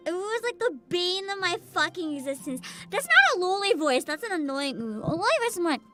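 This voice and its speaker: High, lively young woman streamer. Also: fast, over loud music. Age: 20s. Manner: animated, swearing freely, laughing often; reads out and greets chat names. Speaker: VTuber streamer. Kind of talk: casual livestream chat.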